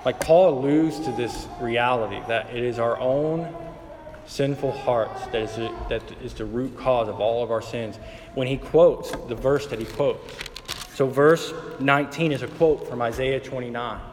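A man in his thirties preaching a sermon, moving between quiet, conversational storytelling and emphatic passages. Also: medium pitch, moderate pace, slight background noise. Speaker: pastor. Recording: hall reverb with faint ambience.

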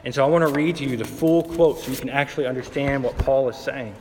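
A man's voice: medium pitch, fast. Casting: male pastor, thirties, conversational preaching with faint room hum. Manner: conversational storytelling, shifting between quiet and emphatic. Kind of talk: sermon. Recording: hall reverb with faint ambience.

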